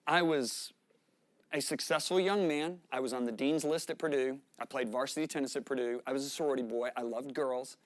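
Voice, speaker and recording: A middle-aged man preaching, telling a story with animated, dramatic shifts in voice as he acts out the dialogue. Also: brisk, no echo. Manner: animated storytelling, acting out dialogue with sharp rises in pitch and volume. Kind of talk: sermon storytelling.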